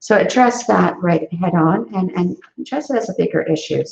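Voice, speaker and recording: A woman's voice: lowish voice, moderate pace, gravelly, darkish tone. A woman who founded an education company, giving earnest parenting advice in a live online Q&A over a video call, with many fillers and restarts. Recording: echoey, dull lo-fi sound.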